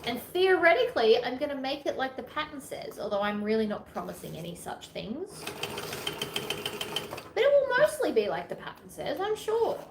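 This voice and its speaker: Australian woman, sewing vlogger, higher voice, chatty and self-mocking, echoey room. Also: sing-song, normal speed, vocal fry. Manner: chatty, self-deprecating, rambling asides. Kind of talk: casual sewing tutorial chat. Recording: echoey room with faint ambient noise.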